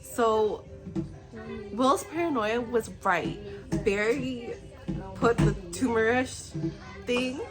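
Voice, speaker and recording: A young woman chatting casually in a reading vlog, recapping a book with lots of "like" and quick reactions. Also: fairly high pitch, music in the background, low-quality recording. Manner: animated, chatty, fillers like "like". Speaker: book vlogger.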